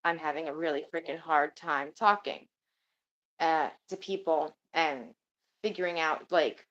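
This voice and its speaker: A woman's voice: deep voice, a little slow, a bit bright, lo-fi sound. A woman streaming and chatting casually with her viewers, rambling and swearing now and then. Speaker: streamer talking to her chat. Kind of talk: casual livestream chat.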